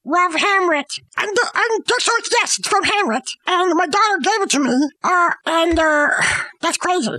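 High-voiced woman rambling through a story. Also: animated, moderate pace, pushed and bright, no room sound. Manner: rambling, slangy, lots of "like". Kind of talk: casual comedic retelling.

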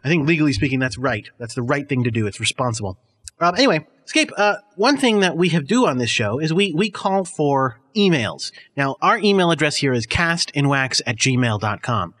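A man's voice: on the high side, big pitch swings, normal speed, fairly bright tone. A man hosting a comedy podcast, chatting in a rambling, self-deprecating way and mock-scolding his listeners. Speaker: podcast host.

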